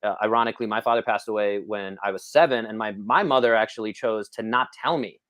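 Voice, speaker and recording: A man with a fairly low voice hosts a casual interview podcast. He rambles through personal stories, full of fillers and restarts. The sound is dry and close. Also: fast, fairly bright tone, no echo. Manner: storytelling, self-deprecating, many fillers. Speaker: podcast host.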